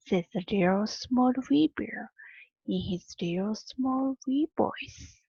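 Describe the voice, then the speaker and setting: A woman teacher reads a storybook aloud very slowly, pausing often. Her voice is husky and gravelly and sits a little high. The recording is dry and dull. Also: warm tone, no room sound. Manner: slow, deliberate reading with drawn-out pauses. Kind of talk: reading a storybook aloud to children.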